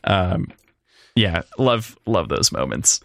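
A young man co-hosting a podcast, talking through a film in a rambling, animated way, with restarts and laughs. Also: sits low, slow pace, creaky, dry recording, studio quality. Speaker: podcast co-host. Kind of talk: casual film discussion.

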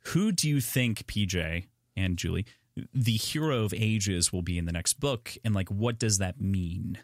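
A man's voice: low voice, expressive, a little slow, no echo, studio quality. A man from Minnesota with a Minnesotan accent, hosting a casual book podcast, rambling, profane and jokey. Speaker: podcast host.

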